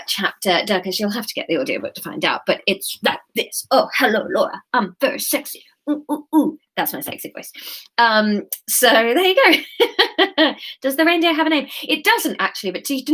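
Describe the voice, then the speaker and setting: A woman's voice: fairly high pitch, fairly bright tone. Chatty, self-mocking woman. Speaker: author reading her novel to viewers. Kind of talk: casual livestream chat and book reading.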